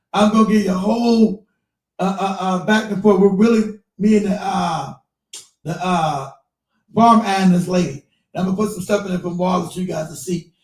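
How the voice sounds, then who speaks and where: Host, male, high and animated, profane storyteller, mic a bit off in a roomy space. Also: distant mic. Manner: profane, laughing, animated retelling with quoted voices. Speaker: show host. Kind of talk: casual storytelling chat.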